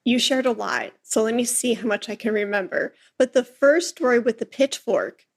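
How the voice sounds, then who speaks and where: A woman's voice: fairly high pitch, normal speed, creaky. A woman hosting a music podcast, telling a teaching story with energy and acting out the quoted lines. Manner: lively storyteller who acts out quoted lines. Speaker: podcast host and flute teacher. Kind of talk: casual interview chat.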